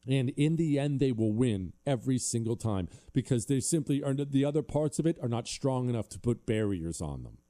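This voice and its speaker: A male talk show host giving a forceful, indignant political monologue and reading an ad. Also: medium pitch, expressive, normal speed, few pauses. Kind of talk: opinionated monologue with ad read.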